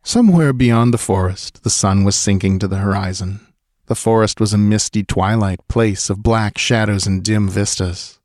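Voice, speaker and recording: A man with a fairly low voice narrates an audiobook in a measured, steady way. The recording is dry and close, with no room sound. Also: dry recording.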